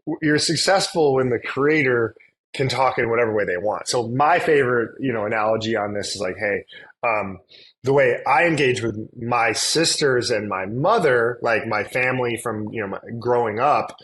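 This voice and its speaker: A man speaking as a podcast guest in an easygoing, rambling way, circling back on himself with fillers and restarts. His voice sits in a middle pitch. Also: normal speed, fairly bright tone, rough recording. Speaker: guest, influencer marketing agency CEO. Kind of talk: casual conversational interview.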